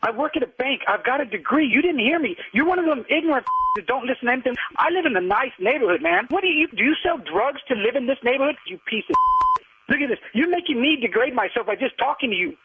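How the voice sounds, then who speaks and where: A man's voice: very high voice, expressive, fast, a little hiss or hum. A man arguing indignantly on a phone call, hurling insults and tacking "man" onto his sentences. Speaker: prank call target. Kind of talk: heated phone argument. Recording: husky tinny phone line.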